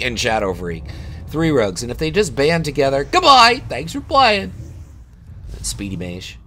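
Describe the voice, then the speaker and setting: A man's voice: mid-range voice, slight background noise. A man recording voiceover commentary over his gameplay, joking and taunting the players he fights.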